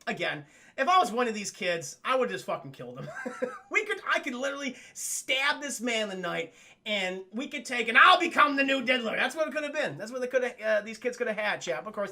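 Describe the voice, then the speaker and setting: A man casually recapping a cartoon episode for his live chat, animated, profane and laughing often. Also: high-pitched, a little fast.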